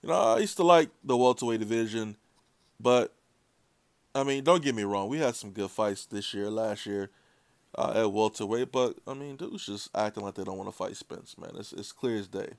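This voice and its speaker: A man's voice: fairly low pitch, normal speed, creaky, dry recording. Heated, profane man ranting about boxing. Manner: blunt, profane, heated and sarcastic. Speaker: boxing commentator. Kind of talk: opinionated rant.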